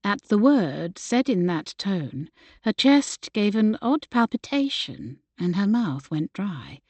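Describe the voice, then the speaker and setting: A woman narrating a historical romance audiobook in a gentle, measured way. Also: mid-range voice, very animated, dry recording. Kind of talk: scripted narration.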